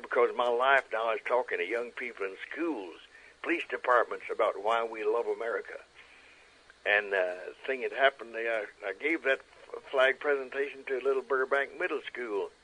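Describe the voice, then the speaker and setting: A man in his nineties telling stories as an interview guest, animated and acting out quotes. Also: medium pitch, rough recording. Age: 90s. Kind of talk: storytelling interview.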